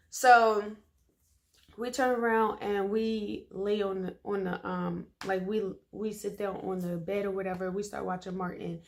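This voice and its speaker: A woman tells a personal story in a relaxed, chatty way. Her delivery is emphatic and full of slang, and she often turns to her listeners with quick "okay?" asides. Her voice sits at an ordinary middle pitch for a woman. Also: vocal fry. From Philadelphia, USA. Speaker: storytime vlogger. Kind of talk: casual storytelling to camera.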